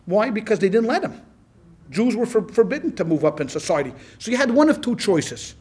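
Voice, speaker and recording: A male rabbi giving a lecture to a class in a lively, conversational way, with frequent restarts. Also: sits high, brisk, husky. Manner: animated and conversational, with many restarts. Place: class with a live audience.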